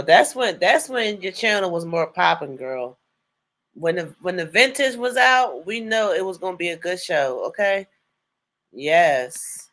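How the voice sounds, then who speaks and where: Guy with a high voice, super casual and slangy, lots of mm-hmm. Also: a bit bright. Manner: chatty, slangy, affirming with mm-hmms. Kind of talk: casual chat.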